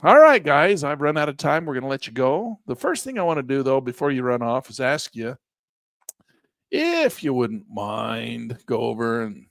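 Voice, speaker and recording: Male trading teacher, folksy and excitable, voice fading; animated pitch, dry sound. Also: moderate pace, vocal fry, dry recording. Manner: lively, folksy, exclaims at good numbers. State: losing his voice. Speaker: trading instructor. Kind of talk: live trading lesson walking through charts.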